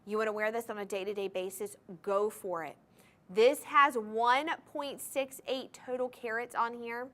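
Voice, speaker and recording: A woman's voice: fairly high pitch, fairly even intonation, normal speed, a bit bright. Gushing woman hosting home shopping. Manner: enthusiastic, gushing, talks straight to viewers. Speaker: shopping TV host. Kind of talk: live home-shopping sales pitch. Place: TV studio.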